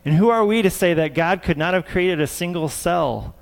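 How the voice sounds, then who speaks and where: A man's voice: high voice, moderate pace, gravelly. A man preaching a sermon as a scientist, earnest and repeating words for emphasis.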